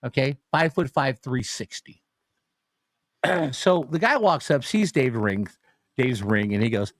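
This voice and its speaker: Animated man telling a story. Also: fairly high pitch, measured pace, no room sound, studio quality. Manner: animated storyteller, swears freely. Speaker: podcast co-host. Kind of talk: casual sports talk storytelling.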